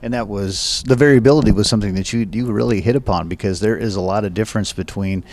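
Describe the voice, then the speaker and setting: A man with a somewhat low voice leads a farm radio interview. He asks plain, conversational questions and sums up his guest's points in an easygoing way. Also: fast, darkish tone. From Nebraska, USA.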